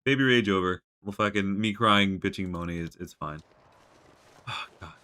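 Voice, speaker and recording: A man's voice: sits low, moderate pace, pushed and bright. A man livestreaming a game, talking to chat in an exasperated, emotional way, stammering and swearing. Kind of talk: casual live game commentary.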